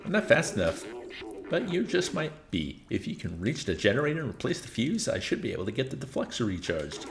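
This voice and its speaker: A man's voice: medium pitch, big pitch swings, brisk, vocal fry, crowd noise. A man reading as a lonely old robot inventor. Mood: cautioning. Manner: reads game text aloud, earnest and warning. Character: lonely older male robot inventor, fretful.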